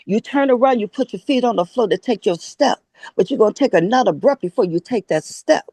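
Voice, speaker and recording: A woman guest with a Chicago accent, telling a lively story and acting out the quoted dialogue. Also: on the high side, brisk, slightly rough, no echo. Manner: animated, acts out quoted dialogue. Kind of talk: casual storytelling.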